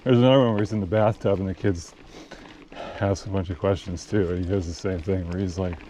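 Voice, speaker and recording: Rambling low-voiced male trail rider, loose and profane, with a helmet-cam sound. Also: fairly even intonation, brisk, mellow, slight background noise. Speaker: mountain biker. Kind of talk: casual chat while riding. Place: outdoors on a forest trail.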